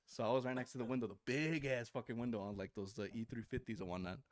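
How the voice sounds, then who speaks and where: A man's voice: medium pitch, fast talker, no echo, clean studio sound. A man telling tour stories as a podcast guest, casual and full of swearing. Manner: profane, animated storyteller. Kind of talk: casual storytelling.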